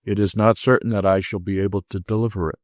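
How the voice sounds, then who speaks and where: A man voicing a male prisoner in an asylum who speaks in a soft, solicitous, pleading way. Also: lowish voice, steady tone, fast, no echo, studio quality, lightly acted.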